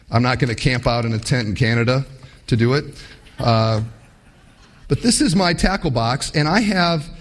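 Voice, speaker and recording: A man preaching a sermon in an animated, folksy, playful way. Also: medium pitch. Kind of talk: sermon with storytelling. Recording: long hall reverb.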